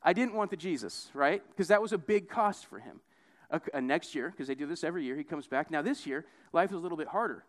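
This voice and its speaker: Animated and fast, a young man preaches conversationally, leaning on a frequent "right?" He dramatizes quoted voices with large pitch swings in this casual sermon.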